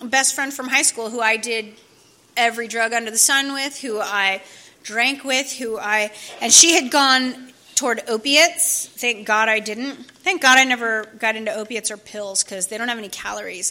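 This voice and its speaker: Telling a group about her own recovery, a woman from California speaks in a conversational way, full of fillers and restarts. Her voice is fairly high, with a pushed, bright quality.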